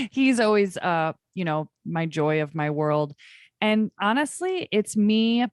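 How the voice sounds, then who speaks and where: A woman's voice: medium pitch, very animated, slow, clean tone, no room sound, studio quality. A young adult woman, a podcast guest, talking candidly and chattily about her life, with many fillers. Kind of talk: conversational interview.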